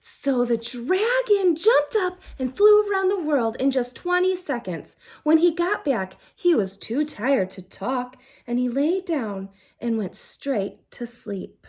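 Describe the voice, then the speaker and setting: A woman teacher reading a picture book aloud to children, animated, gasping and asking the listener questions. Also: sits high, slow, hardly any pauses. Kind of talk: storytime read-aloud for children.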